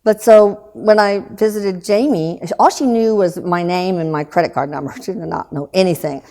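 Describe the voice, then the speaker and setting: A woman in her sixties, a guest telling a painful personal story in an earnest, subdued way, halting with restarts and trailing pauses. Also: lowish voice, mellow. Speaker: guest recounting loss.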